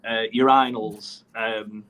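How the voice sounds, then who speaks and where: A man's voice: on the low side, level tone, slow pace, fairly bright tone. A man joining a casual podcast chat as a guest over a remote call, telling rambling anecdotes.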